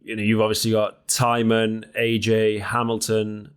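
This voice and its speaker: A man co-hosting a podcast, chatting casually with animated, teasing banter. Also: on the low side, unhurried, clear, resonant tone. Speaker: podcast co-host. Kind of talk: casual chat.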